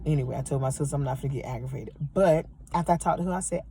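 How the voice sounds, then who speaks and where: A woman's voice: extremely low pitch, very fast, a little hiss or hum. A woman in her thirties ranting in a heated, profane storytime from her parked car. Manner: heated, profane, animated retelling. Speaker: vlogger telling a story. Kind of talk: angry storytime rant.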